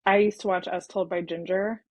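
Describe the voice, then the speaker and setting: A woman's voice: medium pitch, steady tone, normal speed, no room sound. A woman, a brand coach and guest, talking in a casual, thoughtful and enthusiastic way with many "um"s and "like"s. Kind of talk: casual interview talk.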